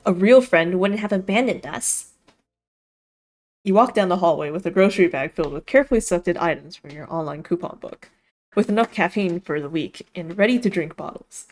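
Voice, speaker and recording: A woman's voice: fairly low pitch, expressive, fast, darkish tone. A woman streamer reading a visual novel aloud on stream, giggly and laughing often between lines of narration.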